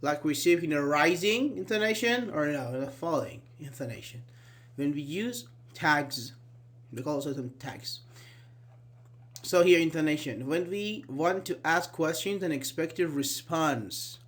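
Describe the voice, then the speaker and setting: Male English teacher, slightly higher voice, patient and repetitive, lots of "actually" and "uh-huh". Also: a bit bright. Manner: explains slowly, asks students questions, repeats key words. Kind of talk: live online grammar class.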